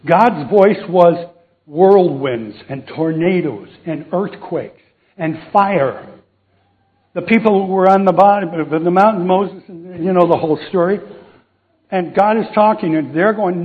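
A man's voice: sits high, measured pace. A man preaching a casual sermon, telling a Bible story, acting out the voices and joking with the audience. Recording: tinny phone-like sound.

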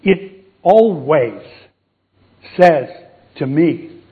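A man's voice: on the high side, lively intonation, extremely slow. A man preaching a casual sermon, telling a Bible story, acting out the voices and joking with the audience. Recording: tinny phone-like sound.

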